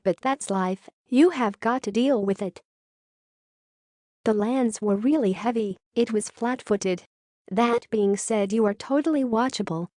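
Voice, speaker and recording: A woman's voice: on the high side, warm tone, dry recording. Woman reading a news story, dry. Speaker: news narrator. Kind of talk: scripted news narration.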